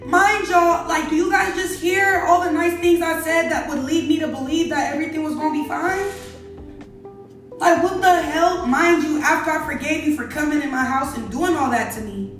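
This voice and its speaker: Young woman, high-pitched, exasperated storyteller; distant mic, faint music under it. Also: normal speed, a bit bright. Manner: chatty, exasperated, addresses viewers directly. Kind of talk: casual storytime. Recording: very echoey room, away from mic, faint music.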